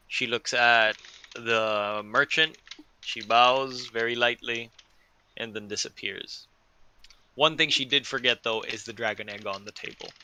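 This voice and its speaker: A man narrating as game master of a tabletop role-playing game, describing scenes calmly. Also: mid-range voice, poor audio. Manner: calm descriptive narration with fillers.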